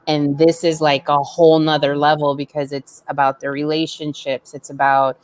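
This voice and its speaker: A woman with a low voice appears as a guest relationship coach in a casual chat. She speaks earnestly and a little haltingly, often repeating a word before she goes on. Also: level tone, background noise.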